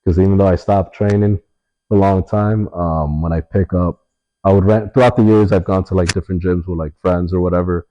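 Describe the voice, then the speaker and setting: A young man telling stories in a relaxed interview, swearing often and leaning on fillers. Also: low-pitched, fairly quick, muffled recording, a little hiss or hum. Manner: laid-back, swears a lot, many fillers. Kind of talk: casual storytelling in an interview.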